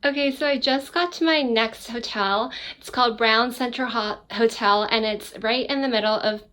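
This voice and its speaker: A young woman with a slightly high voice talks straight to a handheld camera in a casual travel vlog. She rambles easily and fills her sentences with likes and ums. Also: moderate pace, bright, forceful tone, faint music behind. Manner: chatty, lots of likes and ums. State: out of breath from walking uphill. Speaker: travel vlogger.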